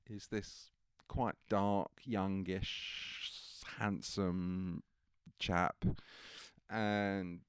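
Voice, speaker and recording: A male photographer, a guest, telling a lively anecdote in casual conversation and acting out the people he quotes. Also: lowish voice, clear, resonant tone, dry recording, studio quality.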